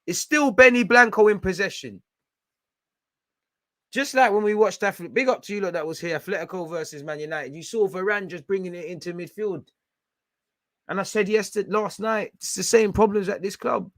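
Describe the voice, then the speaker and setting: A young man reacts live to a football match on his stream, barking orders at the players. His voice sits a little high, and he swings between muttered frustration and loud, slangy outbursts. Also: normal speed, no echo, studio quality.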